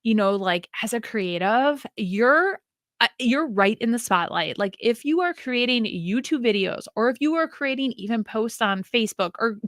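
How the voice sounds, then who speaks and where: Midwestern woman podcast host, Wisconsin accent, sing-songy chatty delivery, bright tone. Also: on the high side, no room sound, studio quality. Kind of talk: casual solo podcast monologue.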